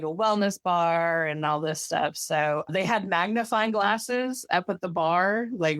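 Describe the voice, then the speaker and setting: A woman with a lowish voice rambles through a story, stacking "like" after "like" and swearing casually. The sound is dry and close, with no room around her. It is relaxed, chatty podcast talk. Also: no echo. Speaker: podcast co-host. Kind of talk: casual chat.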